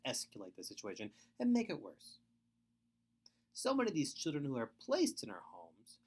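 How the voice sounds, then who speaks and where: Earnest man giving a lively webinar talk. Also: mid-range voice. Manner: earnest, emphatic, repeats points. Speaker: foster care speaker. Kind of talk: webinar lecture.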